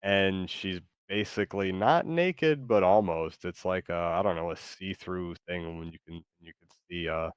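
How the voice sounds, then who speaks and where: A man's voice: low voice, measured pace, few pauses, clean tone, no echo, clean studio sound. A man hosting a live stream, chatting casually with lots of fillers. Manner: rambling, many fillers. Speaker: streamer host.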